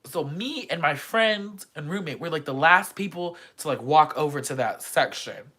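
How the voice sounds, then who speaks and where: A man's voice: fairly high pitch, moderate pace. Young man telling a wild story. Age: young adult. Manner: animated, profane storytelling; acts out quoted voices. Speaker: student abroad. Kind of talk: storytime vlog.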